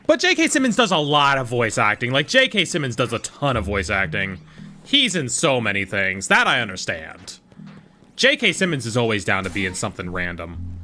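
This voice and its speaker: Bright-voiced, joking male streamer. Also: mid-range voice, wildly swooping pitch, soft background music. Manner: joking, rambling, quick asides to chat. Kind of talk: casual livestream chat while gaming.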